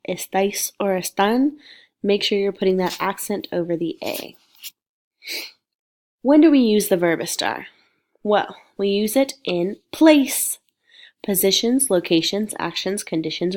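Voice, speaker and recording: A woman, a Spanish teacher with a cold and sniffles, giving a patient, clearly explained recorded lecture. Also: fairly low pitch, a little mellow. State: sick with sniffles.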